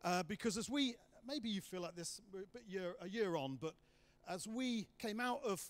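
A man's voice: high voice, animated, normal speed. A man giving a guest sermon in a church hall, chatty and joking with asides. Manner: jokey and chatty, self-deprecating asides. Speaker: guest preacher.

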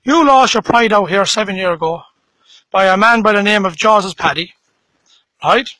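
Man taunting a rival outdoors, very high bright voice, dry close sound. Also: moderate pace, no room sound, low-quality recording. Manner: mocking, repetitive taunts. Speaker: bare-knuckle fight challenger. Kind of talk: taunting challenge video. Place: outdoors in a bog.

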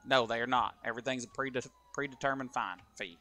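A man's voice: medium pitch, brisk, bright, forceful tone. A man playing a police officer in an online role-play game, folksy and drawling, talking to stream chat. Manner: folksy, drawling, mild exclamations.

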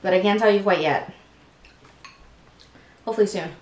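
A young woman hosting an eating show, chatting excitedly with viewers between bites. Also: mid-range voice, moderate pace, roomy sound. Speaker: mukbang host. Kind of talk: casual eating-show chat.

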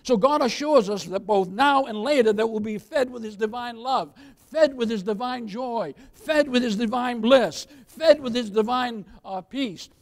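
A man in his seventies preaching a sermon as pastor, building emphasis and asking the congregation for an amen, then softening into laughing stories. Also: extremely high pitch, normal speed, hardly any pauses. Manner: preaching with rising emphasis and call-and-response "amen"; drops into a soft laughing storyteller voice for anecdotes.

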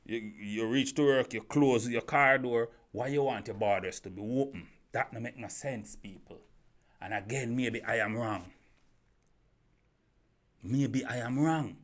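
A man's voice: medium pitch, a bit bright. Man ranting to camera. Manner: rhetorical questions, repeats himself, stumbling restarts. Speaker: YouTube commentator. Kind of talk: opinion monologue to camera.

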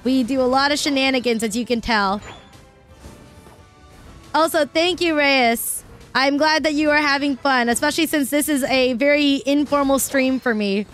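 A young adult woman chatting casually with her viewers while she plays a game, excitable and quick to laugh, cursing when things go wrong. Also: sits high, faint music behind. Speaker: streamer. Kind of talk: casual live-stream chat while gaming.

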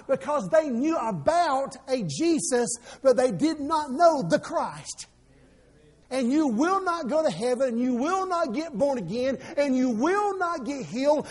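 A male pastor preaching a sermon, with sudden loud swells and quick asides. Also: very high-pitched.

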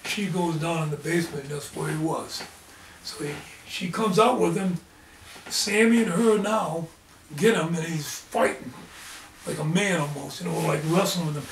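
A lay preacher with a voice on the high side tells his experiences in an interview at a moderate pace, earnest and fervent. The distant mic catches an echoey room, faint ambience, and a little hiss or hum.

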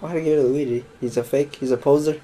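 Talking very fast in a slightly high, steady, dark-toned voice, a young man hosts a let's play, chatting casually over the game. He rambles, jokes around, and addresses viewers as folks, on a low-quality recording with a little hiss or hum.

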